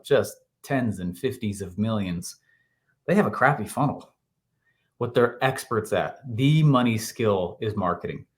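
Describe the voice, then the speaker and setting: A man telling an animated story as an interview guest, laughing often and acting out what people said. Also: mid-range voice. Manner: animated, laughing, acts out quotes. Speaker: guest, marketing entrepreneur.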